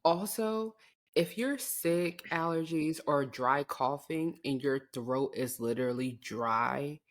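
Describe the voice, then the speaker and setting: A young woman co-hosting a podcast in casual chat, speaking in a deep, monotone, matter-of-fact way. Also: takes it slowly. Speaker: podcast co-host.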